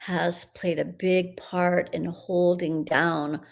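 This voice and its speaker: A middle-aged woman hosting a live broadcast and leading a guided energy clearing in a meandering, soothing, spiritual way. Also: on the low side, little pitch movement, takes it slowly. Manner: meandering, spiritual, soothing, with soft laughs and fillers.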